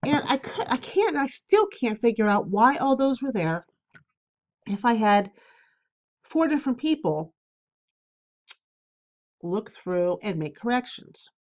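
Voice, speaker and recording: A woman's voice: on the high side, big pitch swings, a little slow, long pauses, a little mellow, dull audio. A woman hosting her own spiritual advice podcast, talking candidly and rambling with fillers, with a cough drop in her mouth. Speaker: podcast host. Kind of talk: casual solo podcast talk.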